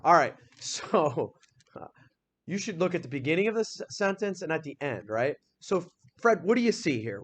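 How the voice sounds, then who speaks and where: An energetic man teaching a classroom grammar lesson, his voice sitting a touch high for a man. He keeps the class going with quick questions and reads each example sentence out slowly. A faint hum of noise runs under the recording. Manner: upbeat and energetic, asks the class many questions.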